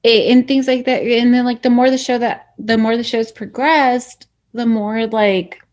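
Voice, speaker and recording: Woman, chatty casual co-host, higher-pitched voice, filler-heavy talk. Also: fairly even intonation, a little slow, darkish tone. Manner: chatty, lots of "like" fillers, storytelling. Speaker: podcast co-host. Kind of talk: casual review chat.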